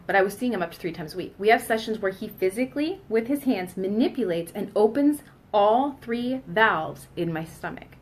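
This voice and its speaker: A woman in her thirties talking candidly in a casual personal vlog, emphatic and blunt, now and then swearing. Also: mid-range voice. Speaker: vlogger.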